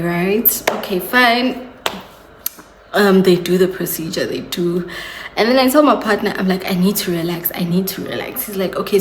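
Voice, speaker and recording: Young woman chatting to her viewers, echoey room, bit of background hiss. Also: medium pitch. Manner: chatty, confiding, addresses viewers as guys. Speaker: vlogger. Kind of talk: casual storytelling to camera.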